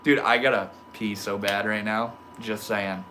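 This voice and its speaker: A man's voice: fairly low pitch, fairly even intonation, measured pace, pushed and bright, a little hiss or hum. A man chatting loosely with his livestream viewers, reading their comments aloud in slangy talk full of bro and dude. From Maine. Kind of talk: casual livestream chat.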